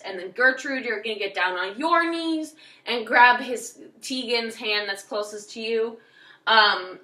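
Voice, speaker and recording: A woman's voice: a little high, moderate pace, bright, forceful tone, roomy sound, far from the mic, low-quality recording. A woman drama teacher directing young students through a show's choreography, now and then singing or acting out lines as examples. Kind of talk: choreography instruction.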